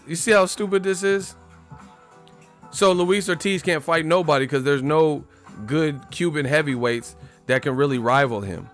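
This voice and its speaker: A man giving casual, profane, mocking commentary as a boxing commentator, with sudden loud outbursts. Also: on the high side.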